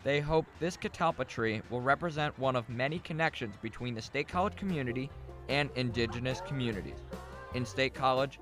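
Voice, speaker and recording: A young man reading a scripted student news report in a measured way. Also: mid-range voice, over music. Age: young adult.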